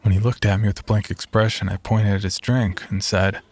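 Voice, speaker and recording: A man narrating a first-person horror story in a measured, scripted way. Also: lowish voice, fairly even intonation, a little mellow, no room sound.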